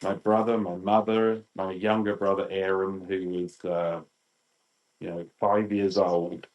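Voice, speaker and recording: A British man in his fifties, a podcast guest telling lively anecdotes and acting out quotes. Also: sits low, measured pace, dull audio. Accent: British English. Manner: animated, acts out quotes. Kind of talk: storytelling chat.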